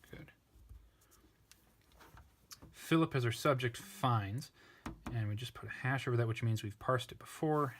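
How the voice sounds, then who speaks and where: A man's voice: medium pitch, moderate pace, long pauses, a little hiss or hum. A man tutoring a parsing lesson, working step by step, thinking aloud and correcting himself as he goes. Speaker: language tutor.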